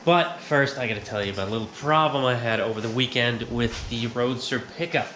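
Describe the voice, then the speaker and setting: A man's voice: medium pitch, fairly quick, bright, forceful tone, a little hiss or hum. A man hosting a garage vlog, with a stuffed-up nose, telling a story in a chatty way and acting out his own reactions. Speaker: garage host. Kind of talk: casual workshop vlog.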